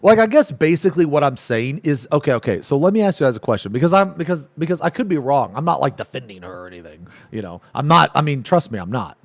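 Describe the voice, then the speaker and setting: A man's voice: medium pitch, dry recording. A man streaming live who chats casually to his viewers, rambling and heavy on fillers like "man" and "dude". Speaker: streamer reacting to videos. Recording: dry close mic.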